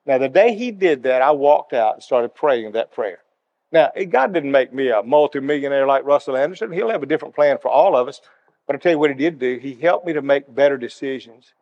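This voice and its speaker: A middle-aged man, a pastor telling a story in an animated, conversational way during a sermon. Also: medium pitch, a little fast. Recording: dull sound in a hall.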